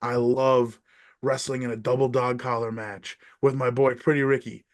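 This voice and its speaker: A man with an American accent, a wrestler and podcast guest, talking casually in a profane, ranting way that swings between loud outbursts and quiet asides. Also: medium pitch, level tone, moderate pace. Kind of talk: casual interview chat.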